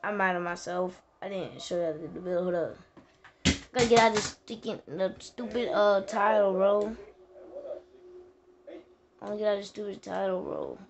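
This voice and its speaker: A woman's voice: mid-range voice, normal speed, long pauses. A woman talking through a video game walkthrough in a casual, rambling way, full of slang and restarts. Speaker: gaming tutorial host. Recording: dull lo-fi sound with faint noise.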